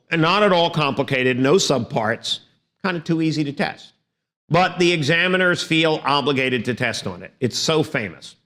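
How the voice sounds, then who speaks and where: A man's voice: fairly high pitch, fairly bright tone. A man lecturing on law for exam prep, with dramatic, wry storytelling.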